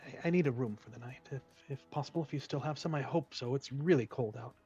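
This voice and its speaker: A man's voice: mid-range voice, fast, dark tone, husky, soft background music. A man playing his character in a tabletop game, stammering and hesitant as he speaks. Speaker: player. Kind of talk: in-character role-play. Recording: muffled, distant mic.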